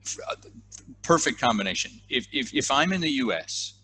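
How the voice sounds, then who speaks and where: Man, American accent, middle-aged, bright forceful voice, chatty, restarts mid-sentence. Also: medium pitch, sing-song, a little fast, a little hiss or hum. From United States. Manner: chatty, repeats words when restarting. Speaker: guest, leadership trainer. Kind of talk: casual interview chat.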